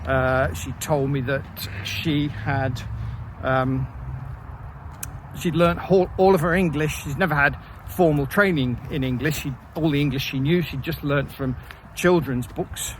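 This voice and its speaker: A man casually telling a story about his own life, with wry, self-deprecating asides and frequent pauses and fillers. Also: on the high side, a little hiss or hum, rough recording. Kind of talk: casual first-person storytelling.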